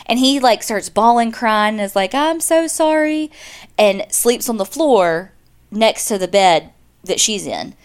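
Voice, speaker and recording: A woman recounting a crime case in relaxed conversational podcast talk. She keeps the story moving with quoted lines and offhand asides, and her pitch sits in an ordinary middle range. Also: unhurried. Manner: chatty, retells events with quoted dialogue and asides. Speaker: podcast co-host. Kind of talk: casual true-crime storytelling.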